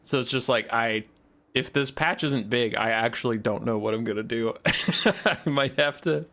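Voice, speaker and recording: A man's voice: mid-range voice, normal speed, bright, forceful tone. Rambling, sarcastic male game streamer. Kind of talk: casual live stream commentary.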